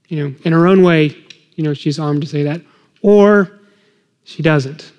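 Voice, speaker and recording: Earnest middle-aged man, fairly high voice. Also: fairly even intonation, moderate pace, a little mellow, long reverb tail, muffled recording. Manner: earnest, emotional, acts out parent-child dialogue. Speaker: guest speaker on parenting. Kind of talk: conversational faith talk.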